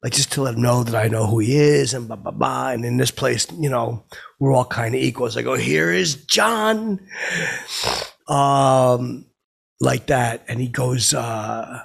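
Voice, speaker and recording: Guy doing a clueless bragging middle-aged dude, raspy husky voice, rambles with lots of uh and blah blah, talks about himself by name. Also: mid-range voice, full character voice. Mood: rambling. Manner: rambling, halting, full of fillers and "blah, blah"; refers to himself in the third person. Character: boastful clueless middle-aged man, oblivious and touchy. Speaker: podcast host. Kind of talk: improvised comedic character monologue.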